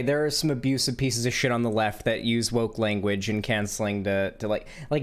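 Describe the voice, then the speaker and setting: Guy streamer ranting at his chat, swears a lot, blunt, mid pitch. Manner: blunt, profane, talks to chat. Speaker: streamer reacting to a video. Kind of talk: casual livestream commentary.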